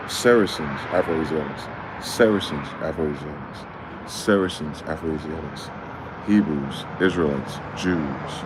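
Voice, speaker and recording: A man's voice: rumbling low, noisy background. Angry, profane man in a heated rant. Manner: angry, profane and confrontational, with rhetorical questions. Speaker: vlogger. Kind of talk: heated monologue reading a document aloud.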